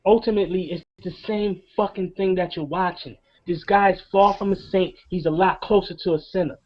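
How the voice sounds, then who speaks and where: A man's voice: high voice, fairly even intonation, normal speed. A middle-aged man delivering an impassioned, profane rant as co-host of a review show. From New York. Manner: emphatic, profane, preaching. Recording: dull lo-fi sound.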